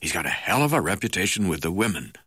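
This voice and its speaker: A man's voice: deep voice, sing-song, quick pace, pushed and bright, breathy edge, no echo, studio quality, exaggerated voice. A man reading an audiobook voices a crusty, hard-drinking older male magistrate with coarse, blustering talk. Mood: gruff. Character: crusty old male colonial magistrate, boozy and gruff.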